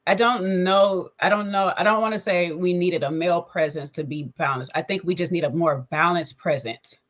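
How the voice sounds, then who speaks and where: Co-host, mid pitch, easygoing, halting restarts, casual. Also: a bit bright. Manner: easygoing, repeats words while thinking. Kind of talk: casual reality TV review chat.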